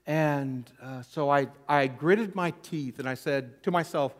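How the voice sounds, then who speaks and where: A man, an interim pastor, giving a personal testimony sermon with candid storytelling, earnest and self-deprecating. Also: takes it slowly. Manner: earnest, softening low at emotional points.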